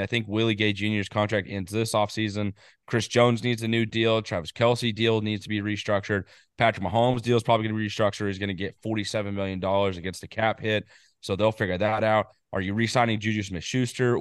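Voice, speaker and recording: A man's voice: lowish voice, dry recording, studio quality. Rambling man in casual sports chat. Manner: rambling, excitable, quick asides. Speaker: podcast co-host.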